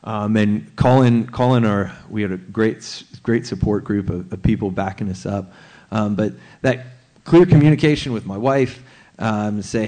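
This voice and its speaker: A man on a church Q&A panel sharing his own experience in an earnest, halting way, often repeating words as he restarts. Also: lowish voice, a little mellow. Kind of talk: personal testimony on a panel.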